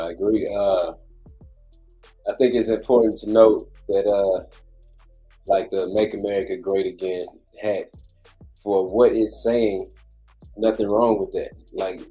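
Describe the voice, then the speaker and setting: A man co-hosting a podcast, speaking in a measured, thoughtful way with hesitant pauses. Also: fairly low pitch, steady tone, mellow, soft background music. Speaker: podcast co-host. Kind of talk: casual chat.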